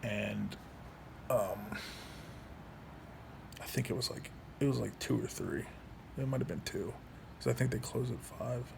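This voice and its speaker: A man in his thirties telling his own story in a casual monologue, angry and profane, halting with frequent restarts. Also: medium pitch, creaky. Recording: faint background noise.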